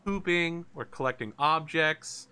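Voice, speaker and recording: Bright-voiced man running a tabletop game. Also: on the high side, unhurried, clean tone. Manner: casual, swearing, laughs at own jokes. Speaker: game master.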